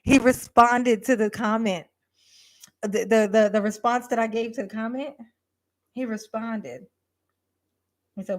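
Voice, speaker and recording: Woman host, casual live stream rant, blunt and profane, halting with fillers. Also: a little high. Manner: blunt, profane, animated, lots of fillers and restarts. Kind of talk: casual livestream advice rant.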